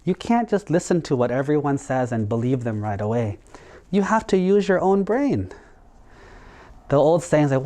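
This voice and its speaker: Man telling kids a lively sermon story. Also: fairly high pitch, moderate pace. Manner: animated, playful storytelling. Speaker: monk.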